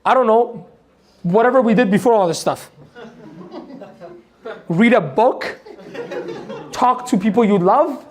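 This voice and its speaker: With a high, animated voice, a man leads a live motivational training at a measured pace broken by long pauses. Rhetorical questions keep coming at the room as he speaks bluntly, swears casually and laughs at his own points.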